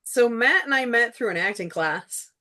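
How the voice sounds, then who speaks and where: A woman's voice: a little high, lively intonation, normal speed, pushed and bright. A woman who made the series, chatting casually and gratefully in a commentary, with a loose, rambling way of talking. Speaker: show creator and producer.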